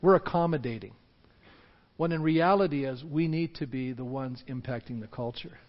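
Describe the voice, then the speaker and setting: A man's voice: medium pitch, normal speed. A man preaching a passionate sermon to his church and leading an altar call, pushing up to emphatic peaks. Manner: impassioned, rising to emphatic peaks. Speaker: pastor. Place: church sanctuary. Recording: dull reverberant hall recording.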